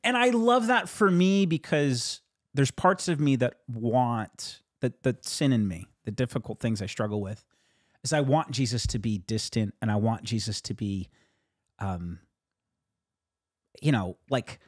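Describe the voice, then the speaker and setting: Pastor, male, mid-pitched, lively swings in tone, laughy storyteller, dry close sound. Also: measured pace, no room sound. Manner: animated storyteller, laughs often, jumps up in pitch for quoted voices. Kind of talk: casual conversation about a sermon.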